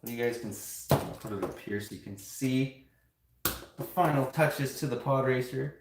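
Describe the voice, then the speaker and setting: A man's voice: medium pitch, moderate pace, heavy background noise. A man chatting casually on a live stream, rambling to his viewers as he builds and shows off toy sets. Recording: roomy home room echo.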